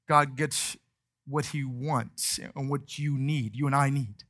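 A man preaching a sermon, acting out scripture and stories in character. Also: on the high side. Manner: animated preaching, acts out scripture and anecdotes in character. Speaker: pastor.

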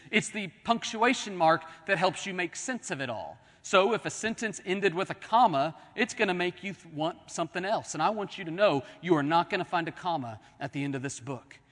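A man delivers a sermon, his voice sitting high for a man. He stretches key words slowly, sinks almost to a whisper, then rises into loud declarations. The sound carries a long reverb from a church sanctuary. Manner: dramatic preaching, swelling and dropping to near-whispers. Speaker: pastor.

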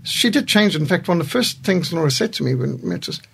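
Man, 60s, studio guest. Husky, gravelly storyteller with a warm chuckle. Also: fairly high pitch, lively intonation, quick pace. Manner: storytelling, chuckles through anecdotes. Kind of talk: reflective studio conversation.

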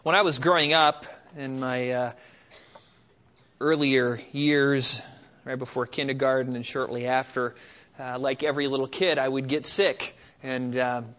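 A man preaching a sermon as pastor, telling stories with frequent filler pauses, on a dull lo-fi recording. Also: mid-range voice, fairly even intonation, fairly bright tone.

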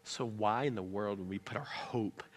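A pastor in his thirties preaching a sermon and telling a family story, moving from quiet, low asides to loud, animated stretches. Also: moderate pace.

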